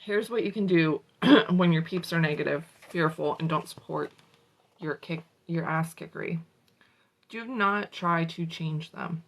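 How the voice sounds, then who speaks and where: A woman reads a self-help book aloud in a lowish voice with a gravelly fry. She breaks off for casual, salty asides in a sassy tone. She is a motivational host working through a chapter. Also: unhurried, poor audio.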